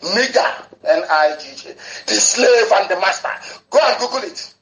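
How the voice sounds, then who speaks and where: A man's voice: sits high, lively intonation, moderate pace, creaky, a bit bright, reverberant, low-quality recording. A man broadcasting an impassioned political talk on the radio, fervent, and he spells words out letter by letter.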